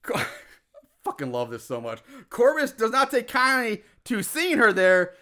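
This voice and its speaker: A high-voiced man with a bright, sharp tone tells a film's plot to his co-host in loose, casual chat. His pitch jumps around constantly, and he laughs often and swears freely as he narrates. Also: measured pace. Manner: laughing, profane, animated storytelling. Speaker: podcast co-host recapping a film.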